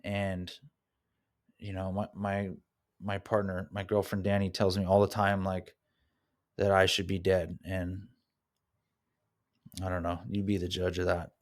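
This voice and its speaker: Low-voiced man musing candidly on his past. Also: completely flat delivery, measured pace, pauses often. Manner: candid and soul-searching, with occasional laughs. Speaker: podcast host. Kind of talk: reflective solo podcast monologue.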